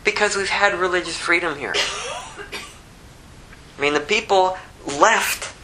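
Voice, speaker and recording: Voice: mid-range voice, takes it slowly, background noise. An American preacher delivering a sermon in an emphatic way, full of rhetorical questions. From United States.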